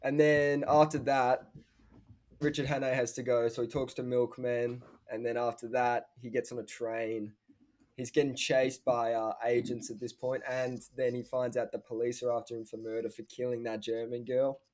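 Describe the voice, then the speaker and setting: A man's voice: medium pitch, little pitch movement, moderate pace, darkish tone. Teenage boy, rambling casual chat, podcast guest. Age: teens. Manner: chatty, rambling retelling. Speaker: school drama student guest.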